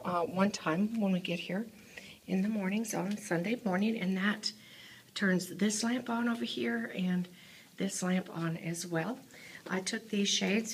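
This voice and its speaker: A woman giving a casual, halting walkthrough of a church classroom she decorated, filled with ums and uhs, filmed on a handheld phone indoors. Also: medium pitch, vocal fry, husky. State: out of breath.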